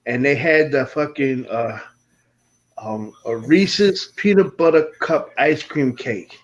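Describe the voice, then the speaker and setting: A man's voice: mid-range voice, slow pace. A man on a casual chat show telling easygoing everyday anecdotes. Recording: dull lo-fi sound.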